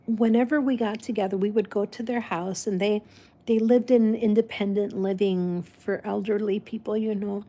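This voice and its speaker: A woman whose first language is Spanish, chatting casually and rambling warmly with frequent restarts and laughs. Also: medium pitch, fairly even intonation, moderate pace. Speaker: vlog host. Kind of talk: casual chat.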